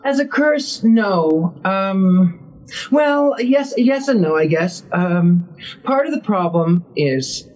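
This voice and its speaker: A man, a guest psychic on a casual podcast, telling animated stories and acting out the dialogue with frequent restarts. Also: high-pitched, takes it slowly, poor audio.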